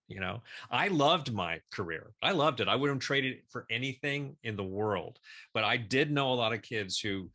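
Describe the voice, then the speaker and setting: A man's voice: mid-range voice, animated, normal speed, sharp tone. A man co-hosting an interview, chatting casually and asking questions. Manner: conversational, asks questions, laughs easily. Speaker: interview co-host.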